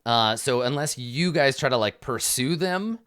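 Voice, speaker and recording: A man's voice: mid-range voice, animated, a little slow, a bit bright, clean tone, no room sound. Brief: a man as laid-back game master, mid-range voice, casual and loose, dry close sound. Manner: loose and conversational, becoming vivid when describing scenes. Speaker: dungeon master. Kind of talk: casual tabletop game narration.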